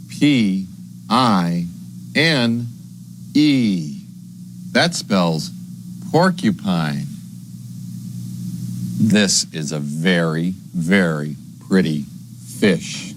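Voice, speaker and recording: A man teaching young children animal names, spelling each word slowly letter by letter and making animal sounds. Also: low voice, a bit bright, a little hiss or hum.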